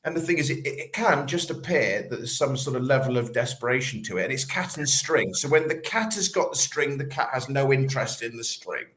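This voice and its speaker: Man, sales coach, casual podcast talk, animated storyteller. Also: medium pitch, brisk, hardly any pauses, echoey room. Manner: animated, acts out little scenes in quoted voices.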